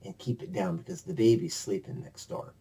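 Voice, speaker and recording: A man voicing a bossy, quick-witted giant's wife in a storytelling sermon, with a brisk, scolding, raised voice. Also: fairly high pitch, sing-song, a little mellow, distant mic. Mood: sweetly sly.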